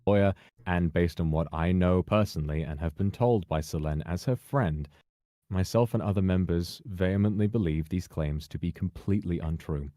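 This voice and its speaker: Low dark-voiced guy reading a formal statement, careful and measured, dry sound. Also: dry recording. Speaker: person giving a public statement.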